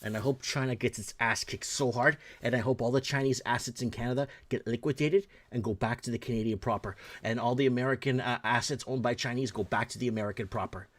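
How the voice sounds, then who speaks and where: Male host, solo rant, blunt and profane, mid-pitched voice, keeps circling back to his points. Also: fast talker, hardly any pauses, a bit bright. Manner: heated, blunt and profane, repeats himself. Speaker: host of a talk show. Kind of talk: ranting solo commentary.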